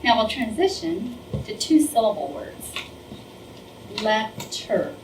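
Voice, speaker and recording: A woman teacher leads a listening drill and prompts the group to repeat words after her. She praises each answer before going on. The recording is distant and roomy, with clear background noise. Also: mid-range voice, expressive, normal speed. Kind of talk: classroom demonstration.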